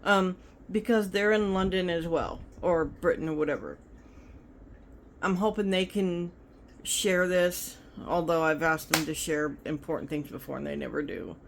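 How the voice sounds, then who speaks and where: A woman's voice: lowish voice, normal speed, vocal fry, slight background noise. A woman telling rambling stories in a casual vlog, talking into her phone. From United States. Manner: chatty, rambling. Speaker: vlogger.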